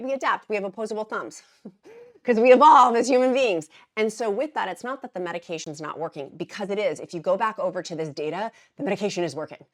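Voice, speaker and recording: A woman vlogger talking casually and emphatically to her viewers, repeating words for stress and dropping into quieter asides. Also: fairly low pitch. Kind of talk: casual explainer vlog.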